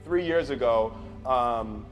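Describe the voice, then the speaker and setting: A man telling a funny story to an audience, animated and laughing as he talks. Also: medium pitch, takes it slowly, long reverb tail, muffled recording, music in the background. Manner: animated, laughing, acts out voices. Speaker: motivational speaker. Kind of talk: comic storytelling speech to an audience.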